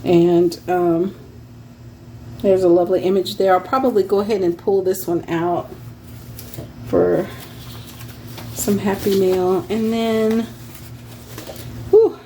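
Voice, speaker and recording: A woman's voice: fairly low pitch, warm tone, a little hiss or hum. A woman chatting casually at home as she browses old sheet music for sale, reading titles aloud and laughing often. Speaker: online craft seller. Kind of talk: casual show-and-tell sales vlog.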